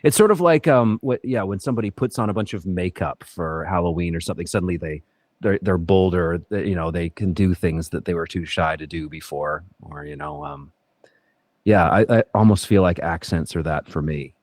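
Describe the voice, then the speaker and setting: A man's voice: deep voice, fairly quick, a little mellow, no room sound. A man, an actor appearing as a podcast guest, talking in a reflective, rambling way with many fillers and restarts. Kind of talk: casual podcast interview.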